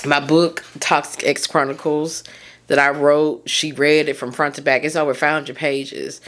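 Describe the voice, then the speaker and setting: A podcast host and mindset coach talks candidly and from the heart on her solo show, rambling and often losing her thread. Her voice is deep yet fairly bright, with a level tone and a measured pace.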